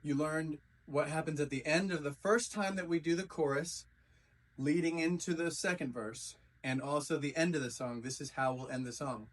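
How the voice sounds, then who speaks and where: Guy teaching dance moves, counting beats out loud, slightly high voice, sounds a bit far from the mic. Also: normal speed. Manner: counts and sings out beats while demonstrating moves. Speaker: dance instructor. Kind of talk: step-by-step dance tutorial. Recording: voice from a distance from the mic.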